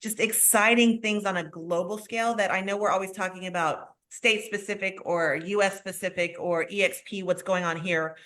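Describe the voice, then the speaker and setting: A woman's voice: mid-range voice, fairly even intonation, moderate pace, few pauses, fairly bright tone. A woman hosting a live video call, talking in an enthusiastic, effusive way. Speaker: host.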